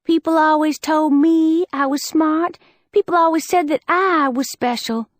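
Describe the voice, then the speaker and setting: A woman's voice: sits high, a little slow, no room sound, clean studio sound, pitched above the performer's own voice. A woman voicing an upset, insecure teenage schoolgirl in an audiobook, her voice raised and cracking with emotion. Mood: wistful. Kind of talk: audiobook character voice.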